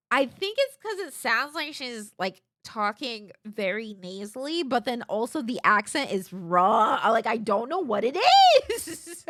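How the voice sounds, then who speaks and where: A woman's voice: on the high side, lively intonation, measured pace, few pauses, bright, forceful tone, no echo, clean studio sound. A young woman streaming a video game, giggling and chatting casually as she reacts to it. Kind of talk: casual gameplay commentary.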